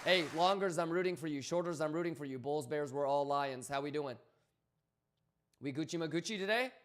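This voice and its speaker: A man hosting a casual livestream, energetic and profane, joking with his chat and coaching them with lots of repetition. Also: fairly high pitch, a little fast. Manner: coaching, repeats himself. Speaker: livestream host.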